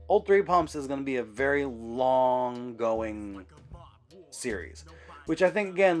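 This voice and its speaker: A man hosting his own channel, talking through a casual update in a rambling way, full of ums and self-corrections. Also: mid-range voice. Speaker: YouTube channel host.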